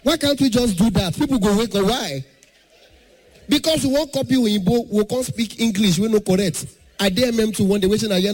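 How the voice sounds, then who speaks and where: A man doing an animated stand-up comedy set, slipping into pidgin and acting out the characters in his stories. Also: sits high, moderate pace, long pauses, faint music behind. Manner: animated, acts out mothers and airline staff in pidgin.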